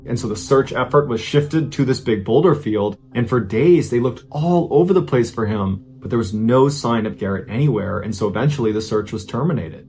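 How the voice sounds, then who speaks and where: Man telling an eerie true story. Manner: conversational, builds suspense with rising pitch and slow pauses. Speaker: storyteller host. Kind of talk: spoken true-story narration.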